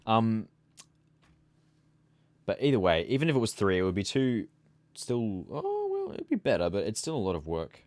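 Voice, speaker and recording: A man's voice: fairly low pitch, huge pitch swings, normal speed, long pauses, darkish tone, no echo. A sleepy young man streaming a game, chatting casually and rambling as he trails off into mumbles. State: sleepy, yawning. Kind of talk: casual gameplay chat.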